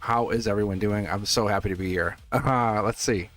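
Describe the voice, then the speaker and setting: A middle-aged man reading tarot on a live stream chats casually with viewers in a fairly low, slightly bright voice, at a moderate pace with fairly even intonation. He laughs often and restarts and repeats words, while faint test music plays behind him.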